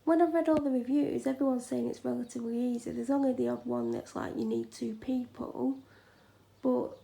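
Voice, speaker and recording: A woman chatting frankly in a home vlog from a room she is decorating, sometimes dropping into soft whispered asides. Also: sits high, steady tone, quick pace, vocal fry. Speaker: vlogger. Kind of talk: casual home vlog chat.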